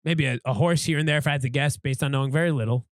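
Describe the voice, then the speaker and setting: A man's voice: mid-range voice, racing, no echo, close to an everyday voice. Man voicing a vague, clueless local, dry close sound. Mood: offhand. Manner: vague, offhand answers. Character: clueless man from a small foreign country.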